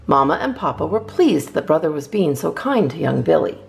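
Low, gravelly woman reading a story. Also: a little fast, faint music behind. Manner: lively, expressive reading. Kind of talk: children's read-aloud narration.

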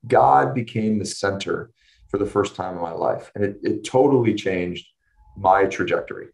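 A middle-aged man, an interview guest, giving a personal testimony in earnest storytelling with restarts and emotional pauses. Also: fairly low pitch, vocal fry, darkish tone, rough recording.

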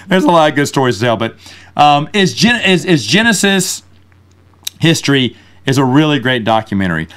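A middle-aged man hosting a solo podcast, telling a story in a casual, animated way and acting out the people he quotes. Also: a little high, smooth. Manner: animated, acts out quoted voices. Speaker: podcast host.

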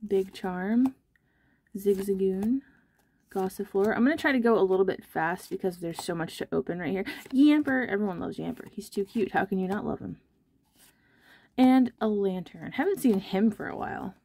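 A woman's voice: mid-range voice, normal speed, warm tone. A young woman chatting casually and self-deprecatingly while she opens trading card packs on her channel. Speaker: card-opening vlogger.

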